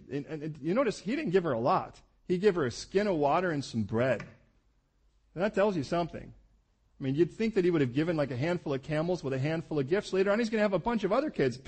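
A man's voice: on the high side, darkish tone, husky. A man preaching a sermon in a conversational, explaining way, acting out the scripture stories as he goes. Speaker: pastor.

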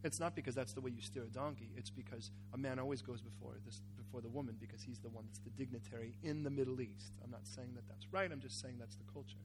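A man preaching a sermon, acting out a Bible scene with cries, shouts and asides to the congregation. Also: mid-range voice, fast talker, few pauses, noisy background. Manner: animated, acts out characters with cries and shouts. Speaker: pastor.

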